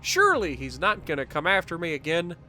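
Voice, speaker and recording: A man giving casual commentary over his own gameplay footage, upbeat and quick to chuckle. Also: fairly high pitch, huge pitch swings, pushed and bright, faint music behind. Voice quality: chuckles often, upbeat and talkative. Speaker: gaming commentator.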